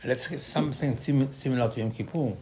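A middle-aged man giving an animated Torah sermon, acting out quotes with sudden loud bursts. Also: medium pitch, fast talker, slight background noise. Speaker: rabbi.

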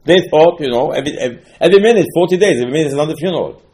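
A man's voice: a little high, expressive, rapid-fire, darkish tone. A man teaching Talmud in an informal lecture, telling stories animatedly, asking rhetorical questions and often restarting his sentences.

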